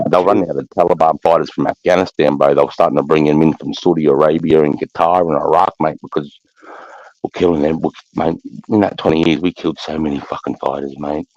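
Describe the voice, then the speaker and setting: A man's voice: very deep voice, darkish tone, no room sound. An Australian man, an army veteran, telling war stories in a blunt, profane way and calling everyone mate. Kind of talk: casual war storytelling. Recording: dull muffled recording.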